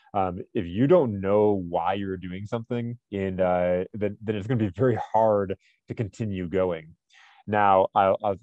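Earnest low-voiced male podcast co-host. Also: warm tone, no room sound, dull audio. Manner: earnest, motivational storytelling. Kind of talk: casual podcast chat.

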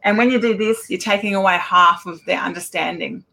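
A middle-aged woman, an Auslan educator giving a casual talk with lively anecdotes and acted-out exchanges. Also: lowish voice, a little fast, creaky. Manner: animated storyteller, acts out quoted exchanges.

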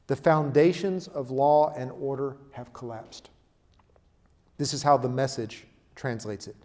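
A man preaching a sermon, emphatic, swinging between loud declarations and quiet asides. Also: mid-range voice, unhurried. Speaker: pastor. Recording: long hall reverb.

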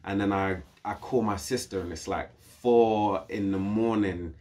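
A man's voice: fairly low pitch, a little slow. Slangy British man telling a story. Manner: animated, slangy, acts out quoted voices. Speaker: podcast guest. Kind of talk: casual storytelling in conversation.

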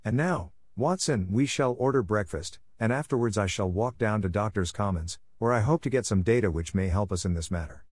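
A calm, ironic detective speaks in a bland, unruffled way, as a man reads him. The voice runs low and the sound is dry and close. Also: brisk, hardly any pauses, no room sound, natural voice.

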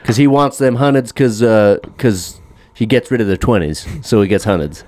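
A man's voice: lowish voice, lively intonation, moderate pace, a little mellow. A man co-hosting a casual podcast chat, sarcastic and profane, mocking what he sees online. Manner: sarcastic, swears a lot, mocks with put-on voices. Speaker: podcast co-host.

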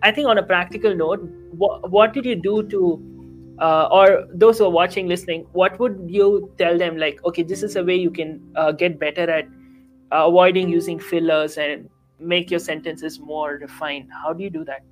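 A man's voice: sits high, fairly even intonation, moderate pace, faint music behind, low-quality recording. A man hosting an interview, asking long, rambling questions full of fillers and restarts. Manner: rambling, searching for words, fillers. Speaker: interview host.

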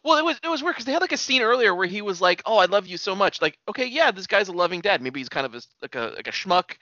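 A man's voice: high-pitched, big pitch swings, bright, forceful tone, no room sound. A man co-hosting a movie podcast, sarcastically mocking the plot in casual chat. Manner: sarcastic, quick to mock the plot with swearing. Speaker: podcast co-host. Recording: slightly dull lo-fi, dry.

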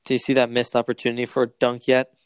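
A young man co-hosting a podcast, chatting casually and excitedly about a basketball game, slangy and swearing freely. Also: medium pitch, fast, smooth, no room sound. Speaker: podcast co-host. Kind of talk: casual sports chat.

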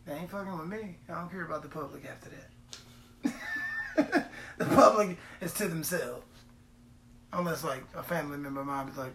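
A man's voice: a little high, a little fast, long pauses, background noise. A man hosting a podcast in casual comedic chat, profane and boisterous, laughing often, tired late at night. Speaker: podcast host.

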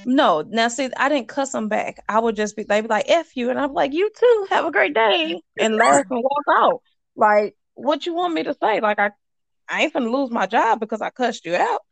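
A woman's voice: fairly high pitch, animated, moderate pace, creaky, no echo. A woman in casual chat, telling work stories with a laugh and loose slang. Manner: laughing storyteller, Southern US slang.

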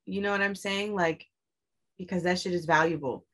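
A woman's voice: fairly low pitch, steady tone, normal speed, fairly bright tone. A young adult woman telling a personal story in a candid, blunt way, swearing often and pressing her points with emphasis.

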